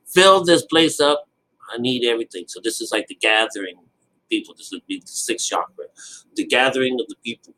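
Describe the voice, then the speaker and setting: A man's voice: on the high side, pushed and bright, poor audio. A man giving a casual, rambling Bible commentary, full of restarts and loose swearing. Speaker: Bible teacher.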